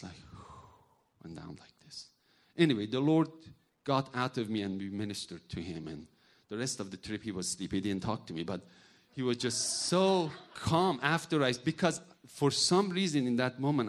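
Guy preaching, middle-aged, animated storyteller, loose grammar. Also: mid-range voice, moderate pace. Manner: animated storytelling, acts out voices, non-native grammar. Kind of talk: sermon with personal stories.

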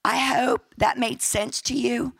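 Gravelly, raspy woman pastor preaching. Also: a little high, fairly even intonation, slow, fairly bright tone, dry recording, low-quality recording. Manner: chatty, jokey, emphatic repetition. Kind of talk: sermon with church announcements and prayer.

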